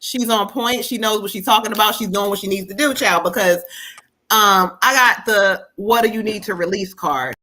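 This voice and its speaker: Bright-voiced woman giving lively readings. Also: medium pitch, moderate pace. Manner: animated, laughing, quoting spirits in a sassy voice. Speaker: psychic medium giving readings. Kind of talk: live-stream tarot reading.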